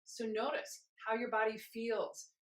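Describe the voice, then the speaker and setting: A woman instructor leading a guided movement class, cueing each step gently and chanting rhythmic counts while moving along herself. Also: on the high side, flat delivery, unhurried, echoey room, rough recording.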